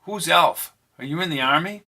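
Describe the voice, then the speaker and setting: A narrator doing a curious, flirty 1920s ball fan. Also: male voice, a little high, normal speed, bright, forceful tone, voice pushed up, full character voice.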